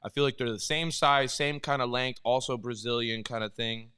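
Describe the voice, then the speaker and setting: A man who coaches martial arts, chatting casually and telling animated stories with frequent laughs. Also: medium pitch, normal speed, clean tone. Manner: animated storyteller, laughs often. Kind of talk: casual watch-along chat.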